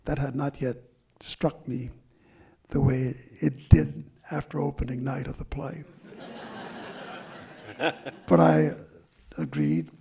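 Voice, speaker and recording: An older man with a gravelly, rough-edged voice tells stories from his own life at a live stage talk. His tone is heavily husky and worn, and he moves slowly and thoughtfully through his memories with long pauses. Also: mid-range voice, warm tone. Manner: slow and reflective, with drawn-out pauses. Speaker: memoir author in conversation. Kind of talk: reflective storytelling at a live talk. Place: stage event before an audience.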